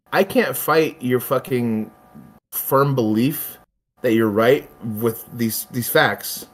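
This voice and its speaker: A man in casual chat, speaking emphatically, swearing freely and acting out quoted exchanges. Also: mid-range voice.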